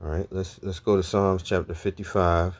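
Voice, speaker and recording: A man's voice: low-pitched, level tone, moderate pace. A man teaching a sermon, reading scripture aloud and checking in with his listeners with "all right?" and "okay?" after almost every point. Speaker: preacher.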